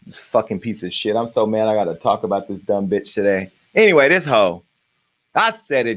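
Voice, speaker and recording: A man's voice: on the low side, expressive, a little fast, fairly bright tone. A man hosting a celebrity gossip show, ranting crudely and brashly with a stream of insults. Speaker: host. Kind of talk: profane comedic celebrity gossip.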